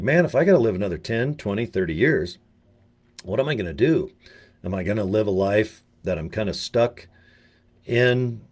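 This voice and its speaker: An older man from the US giving a rambling, joking casual monologue as a video presenter, full of slang and asides. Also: mid-range voice. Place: home in Utah.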